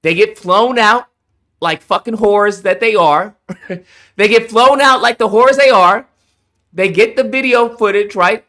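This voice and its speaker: A man's voice: high voice, unhurried, sharp tone. A man streaming a reaction, ranting heatedly and profanely to his viewers. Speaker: streamer reacting to a game showcase. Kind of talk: casual reaction rant.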